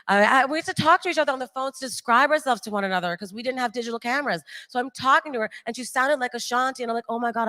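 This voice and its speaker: A woman in her late thirties performs stand-up on a large hall stage. She talks in a chatty, animated way, tossing out asides and laughing at her own punchlines. Her mid-range voice carries a long hall reverb through the stage mic. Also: medium pitch. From Toronto, Canada. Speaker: stand-up comedian. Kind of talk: live stand-up set.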